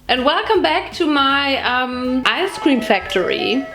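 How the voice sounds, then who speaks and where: A woman's voice: sits high, big pitch swings, slow, music in the background. A young woman with a German accent chatting through a casual cooking vlog, giggling and making jokey asides. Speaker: vlogger.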